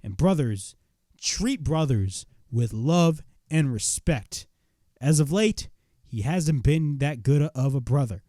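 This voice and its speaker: A man retelling a wrestling show in a casual, excitable recap, swearing freely as he goes. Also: on the high side, no room sound, studio quality.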